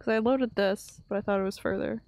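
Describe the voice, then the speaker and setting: A young woman with a gravelly, fry-edged voice chats her way through a game stream. She rambles loosely, swears casually and laughs at her own mistakes. Her pitch sits in an ordinary middle range. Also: steady tone, brisk, darkish tone. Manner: chatty, rambling, swears casually, self-mocking. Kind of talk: casual gameplay commentary.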